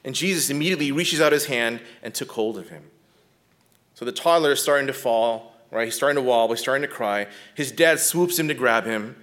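A man teaching biblical counseling in a conversational lecture, often checking in with his listeners and speaking gently when he talks about compassion. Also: mid-range voice, fairly quick. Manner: often checks in with a tag question "right?"; drops to a soft, gentle tone when describing compassion.

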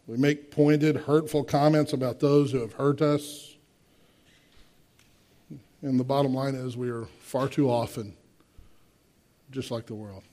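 A man's voice: medium pitch, mellow. A man in his sixties preaching a sermon, emphatic, with rhetorical questions and direct asides to the congregation. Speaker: pastor.

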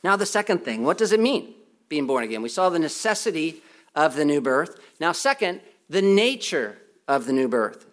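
High-voiced man preaching emphatically. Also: very animated, moderate pace. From United States. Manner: emphatic, repeats key points, self-deprecating humor. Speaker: pastor. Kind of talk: sermon.

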